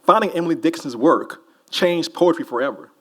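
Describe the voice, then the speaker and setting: A man's voice: fairly high pitch, lively intonation, brisk. Loose, joking man. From New Orleans. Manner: loose, rambling, joking with the crowd. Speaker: author on a festival panel. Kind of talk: casual audience Q&A. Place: festival hall with a live audience.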